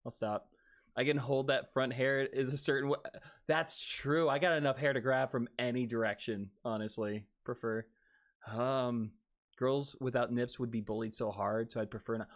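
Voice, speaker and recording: A man's voice: medium pitch, normal speed. A man streaming, chatting casually, laughing often and cursing freely. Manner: animated, laughs often, swears. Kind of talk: casual livestream chat.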